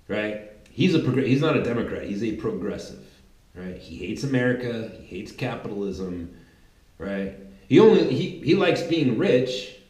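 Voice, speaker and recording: A man's voice: fairly low pitch, a little mellow, echoey room, poor audio. A man giving a rambling, emphatic political monologue, often restarting his sentences and adding asides. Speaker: political commentator.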